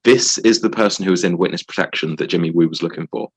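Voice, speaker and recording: Husky low-voiced man. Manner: measured, lays out theories. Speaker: podcast co-host. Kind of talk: casual chat.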